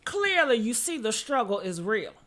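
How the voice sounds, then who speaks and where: A high-pitched woman with a bright, sharp tone hosts a chatty gossip stream. She talks straight to her viewers and keeps calling them honey. She breaks into sudden whooping cries. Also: big pitch swings, normal speed. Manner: exclamatory, calls out to viewers with "honey" and "okay?". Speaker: gossip show host. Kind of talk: casual livestream gossip chat.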